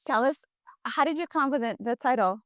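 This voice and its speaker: Smooth-voiced supportive woman host. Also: high voice, brisk, no echo, clean studio sound. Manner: supportive, sums up the guest's words. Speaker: podcast host. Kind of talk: interview.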